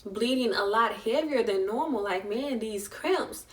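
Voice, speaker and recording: A young woman vlogger with a voice on the high side speaks a little slowly, recorded from a distance. Her story is personal and emotional, told in a chatty manner, and she voices the quotes of the people in it herself.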